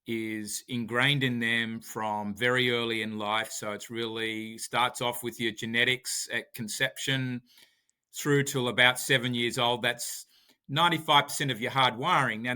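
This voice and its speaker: A man with an Australian accent answers interview questions in a measured, explanatory way. His tone is very bright and sharp, and his pitch sits mid-range for a man. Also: clean tone. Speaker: podcast guest, author.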